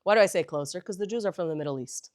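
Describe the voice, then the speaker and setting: A woman teaching a lively class, animated and emphatic, moving between languages in a synagogue hall. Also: on the low side, very fast.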